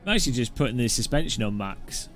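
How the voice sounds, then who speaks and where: A man's voice: medium pitch, big pitch swings, a little fast, faint music behind. A man from south-east England, chatting casually and jokily with viewers while sim racing at home. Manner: chatty, jokey, rambling. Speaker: streamer and host.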